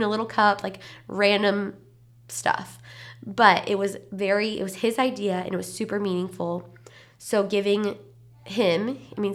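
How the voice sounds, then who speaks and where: A woman's voice: mid-range voice, fairly bright tone. A young adult woman hosting a parenting podcast, talking candidly and encouragingly in a casual solo chat, heavily pregnant. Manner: candid, encouraging, chatty with lots of "like".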